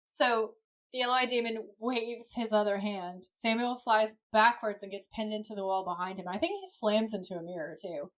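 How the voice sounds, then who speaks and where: A woman co-hosting a podcast, giving a lively, casual play-by-play recap of a TV episode with the odd swear word. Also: mid-range voice, moderate pace. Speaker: podcast co-host.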